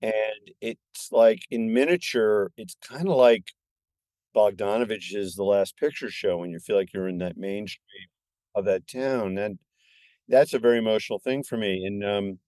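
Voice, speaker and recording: A man in his sixties, a filmmaker guest on a podcast, telling stories in an animated, excitable way. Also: lowish voice, normal speed, dry recording, clean studio sound. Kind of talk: casual podcast chat.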